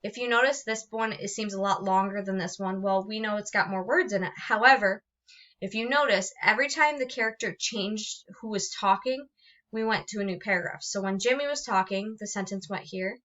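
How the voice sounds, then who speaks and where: A woman's voice: medium pitch, a little fast, a bit bright. A woman teacher explaining punctuation rules in a recorded lesson, patient and explanatory, often restarting her sentences. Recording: dull lo-fi sound.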